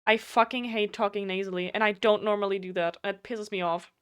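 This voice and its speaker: A woman's voice: medium pitch, steady tone, a little fast, a bit bright, clean tone, dry recording, clean studio sound. Chatty streamer woman with a German accent. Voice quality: slightly nasal. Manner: chatty, blunt, swears freely. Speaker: game streamer. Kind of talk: casual live stream chat.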